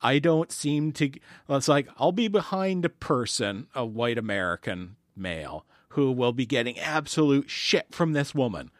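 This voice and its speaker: A man from Canada co-hosts a casual podcast with wry, deadpan retorts. His pitch swings up and down a lot, and the recording is dry and close. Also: moderate pace, few pauses, dry recording. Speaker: podcast co-host.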